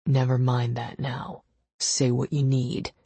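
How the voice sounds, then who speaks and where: Curt billionaire husband, low and slow, dry recording. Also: female voice, little pitch movement, gravelly, warm tone, breathy edge, no room sound, exaggerated voice. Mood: brusque. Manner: brusque and clipped.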